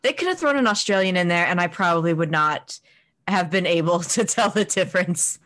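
A woman's voice: on the low side, expressive, fairly quick, a bit bright. A woman co-hosting a casual chat, rambling and self-deprecating with casual swearing. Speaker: podcast co-host.

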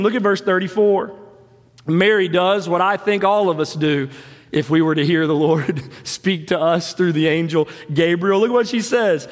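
A man preaching a sermon as pastor, with impassioned delivery that swings between rising emphasis and hushed, slow drops. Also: a little high, steady tone, in a large hall. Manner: impassioned preaching with dramatic pauses and soft drops. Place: church sanctuary.

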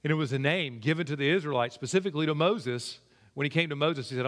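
A man preaching a sermon in a conversational way, his pitch climbing when he stresses a point. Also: quick pace. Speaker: pastor. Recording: long hall reverb.

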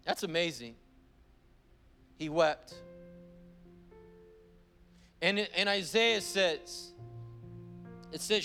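A pastor delivers a church sermon in a notably high male voice, hammering home his points by repeating phrases. When he reads scripture aloud he slows right down. A soft instrumental plays faintly underneath. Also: animated, soft background music. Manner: emphatic preaching with repeated phrases for emphasis. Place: church service.

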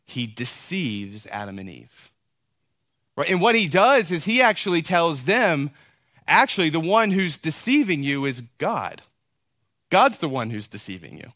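A man in his thirties preaching a sermon, telling a family story with lively acted-out dialogue. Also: a little high, unhurried, dry recording, studio quality. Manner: animated storyteller, acts out quoted dialogue. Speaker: pastor.

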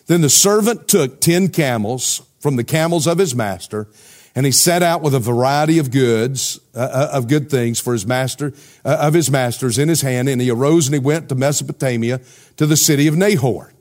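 A man's voice: medium pitch, moderate pace, darkish tone. A male pastor preaching a sermon in a conversational way, putting questions to the congregation.

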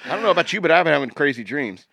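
A man's voice: on the high side, expressive, rapid-fire, gravelly, pushed and bright, slightly rough, dry recording. A man co-hosting a podcast in casual banter, rambling and joking, often trailing off and restarting. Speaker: podcast co-host.

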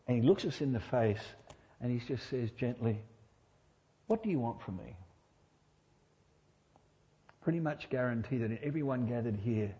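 A man's voice: mid-range voice, mellow, long reverb tail. A middle-aged man preaching a sermon in church, conversational and humorous, often asking his listeners rhetorical questions.

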